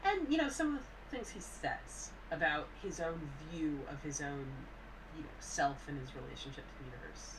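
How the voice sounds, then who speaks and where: A woman co-hosts a casual film podcast in a slightly low voice. She thinks aloud, hesitant and full of fillers. She sits back from the mic, with a steady hiss in the background. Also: moderate pace, recorded from a distance. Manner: thoughtful, hesitant, many fillers. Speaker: podcast co-host.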